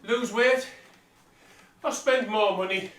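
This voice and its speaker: A male vlogger pedals an exercise bike indoors while giving a casual, blunt motivational talk, slightly out of breath. His voice is high-pitched, slow and fairly bright, and a distant mic makes the room sound roomy.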